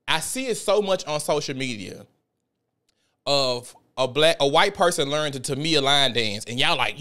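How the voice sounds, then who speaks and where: A man's voice: mid-range voice, expressive, moderate pace, bright, forceful tone. Heated, cussing man hosting a podcast. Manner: heated, profane and emphatic. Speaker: podcast host. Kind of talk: casual ranting monologue.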